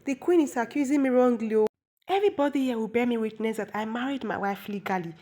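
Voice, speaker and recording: A woman's voice: fairly high pitch, fast talker, warm tone, pitched above the performer's own voice, natural voice. A woman voicing a big older village man protesting his innocence.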